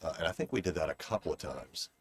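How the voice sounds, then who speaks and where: A man's voice: low voice, animated, fast, a little hiss or hum. A middle-aged man telling stories in a reflective, rambling way during a casual conversation, recorded outdoors on a garden bench. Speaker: former board member.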